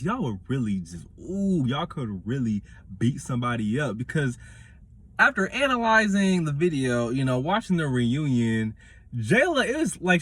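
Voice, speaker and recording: A man, reviewing a reality show in casual commentary with animated, dramatic retelling. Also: a little high.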